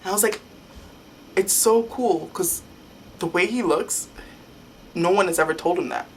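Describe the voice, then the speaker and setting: Rambling, excitable young woman vlogger. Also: fairly low pitch, normal speed, a little hiss or hum. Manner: rambling and excitable, many "like" fillers. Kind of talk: casual fan storytelling.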